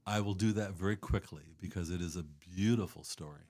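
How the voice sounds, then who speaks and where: A man's voice: sits low, a little fast, a little mellow. A man talking casually as a guest about charity work, rambling with many fillers and restarts. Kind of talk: casual conversation.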